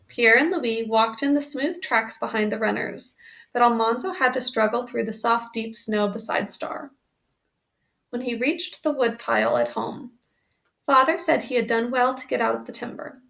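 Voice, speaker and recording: A woman's voice: a little high, steady tone, normal speed, gravelly, fairly bright tone. A woman reading a children's book aloud, stopping now and then to explain the story in plain asides. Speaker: reader.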